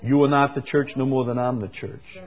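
A male preacher delivering a sermon slowly and emphatically, with sudden loud, high bursts and soft drops. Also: fairly even intonation.

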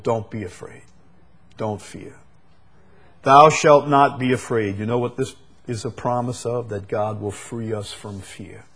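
A male preacher delivering a sermon slowly and emphatically, with sudden loud, high bursts and soft drops. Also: slightly rough.

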